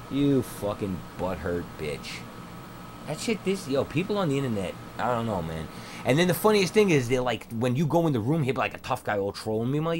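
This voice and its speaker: A young man streaming a game at home on a headset mic, ranting in crude, mocking slang. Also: lowish voice. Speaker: gameplay streamer. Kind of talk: profane ranting gameplay commentary. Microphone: noise-cancelling headset mic. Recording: steady background noise.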